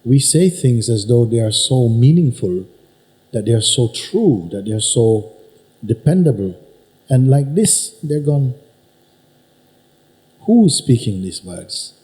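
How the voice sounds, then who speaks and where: Mellow-voiced man giving a spiritual talk. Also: mid-range voice, big pitch swings, unhurried, pauses often, poor audio. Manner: probing, repeats questions to the listener. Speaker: spiritual teacher. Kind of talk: satsang teaching talk. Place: teaching hall with an audience.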